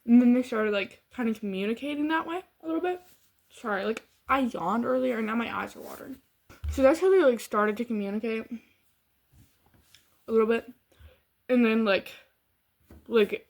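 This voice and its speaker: A woman's voice: mid-range voice, a little mellow. A woman from Michigan with a Midwestern accent, casually telling a story to her camera in a rambling way full of fillers and restarts. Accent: Midwestern American. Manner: rambling, heavy use of "like" and restarts. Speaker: vlogger.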